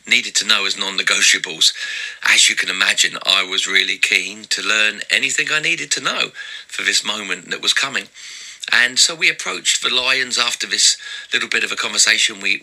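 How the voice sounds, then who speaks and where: A man's voice: lowish voice, gravelly, sharp tone, rough recording. A man hosting a podcast as a minister, telling a personal story in a chatty, humorous way. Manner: chatty and humorous, with many fillers. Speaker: podcast host and Christian minister.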